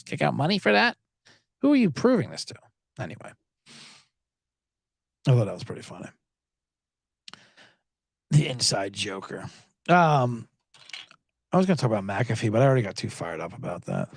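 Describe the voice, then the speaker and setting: A man's voice: gravelly, dry recording, studio quality. A man hosting a live sports podcast, ranting casually and sarcastically, often acting out other people in a raised voice. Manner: animated, sarcastic, mimics others in high voices. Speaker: podcast host. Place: Los Angeles.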